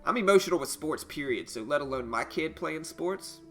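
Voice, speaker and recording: A man's voice: fairly high pitch, normal speed. Chatty man hosting a live stream. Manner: loose and chatty, animated when telling stories. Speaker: host of live trading stream. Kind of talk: casual live stream chat and market news. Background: soft jazz music.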